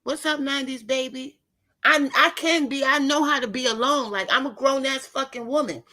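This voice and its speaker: A woman's voice: high voice, moderate pace, sharp tone. A woman in her fifties ranting bluntly to her viewers in a casual, profane monologue. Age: 50s. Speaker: vlogger talking to her live viewers.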